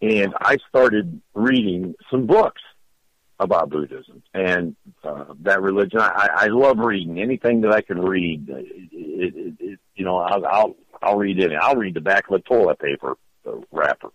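A man's voice: sits low, normal speed, no echo, low-quality recording. A middle-aged man casually telling a long story, often repeating and restarting his words. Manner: rambling, repeats words, animated retelling. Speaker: storyteller guest.

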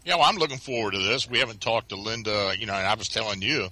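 A man's voice: lowish voice, fast talker, bright, forceful tone, low-quality recording. A man co-hosting a radio show in casual talk, chiming in with brief, agreeable remarks.

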